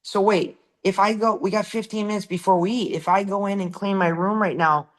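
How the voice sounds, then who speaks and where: A man's voice: sits high, steady tone, a little fast, close to an everyday voice. A man quoting his young son, who is eagerly bargaining with his father.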